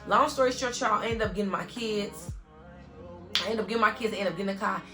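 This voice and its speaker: A woman's voice: mid-range voice, quick pace, pushed and bright, faint music behind. A young woman vlogger telling an emotional story-time monologue, earnest and talking straight to her viewers. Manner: earnest, talks straight to viewers with constant "y'all".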